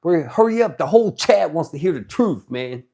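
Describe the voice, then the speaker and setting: Brief: excitable, joking male streamer. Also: fairly high pitch, normal speed, a little hiss or hum. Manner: excitable, swearing, joking banter. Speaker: livestreamer. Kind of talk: casual livestream chat reading viewer messages.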